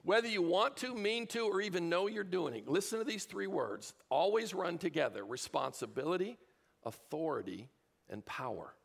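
Man, motivational speaker, animated delivery, gravelly edge, rhetorical questions, large room, handheld mic. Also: high voice, normal speed. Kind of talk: motivational talk to a live audience. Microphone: handheld microphone.

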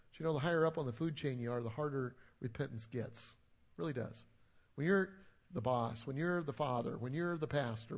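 Middle-aged pastor guy, high voice, chatty self-deprecating sermon stories. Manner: conversational, self-deprecating storytelling.

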